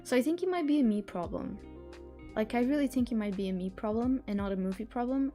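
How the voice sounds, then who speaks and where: A woman's voice: on the high side, quick pace, warm tone, faint music behind. A young woman hosting a live stream, chatting casually in a rambling, giggly way with lots of restarts. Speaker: streamer hosting reading sprints.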